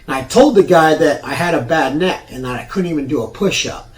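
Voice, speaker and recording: Host, man in his forties, swearing storyteller, slightly high voice, recorded at a distance. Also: brisk. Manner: profane, rambling, frequent restarts. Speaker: show host. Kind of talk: personal storytelling. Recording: roomy sound from off mic.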